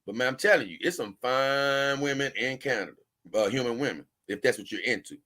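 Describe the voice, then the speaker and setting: Guy on a livestream reading chat, bright punchy voice, rambly and laid back. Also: mid-range voice, animated, brisk. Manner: loose, rambling, chuckling asides. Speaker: livestream host. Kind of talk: casual livestream chat reading viewer comments.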